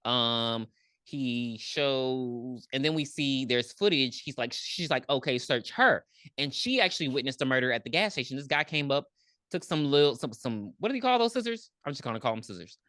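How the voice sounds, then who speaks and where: A woman's voice: extremely low pitch, moderate pace, no room sound, clean studio sound. A woman co-hosting a podcast, recapping a movie in casual chat and acting out the characters with lots of ums. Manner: animated storytelling, acts out characters, frequent ums. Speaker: podcast co-host.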